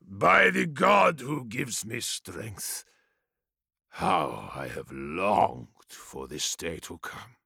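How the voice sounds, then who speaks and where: A man voicing a fanatical, brutish male warlord who bellows his battle cries in a gravelly voice. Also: on the low side, lively intonation, very slow, bright, forceful tone, no room sound, clean studio sound, pitched below the performer's own voice, heavily acted. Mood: growling. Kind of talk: audiobook character voice.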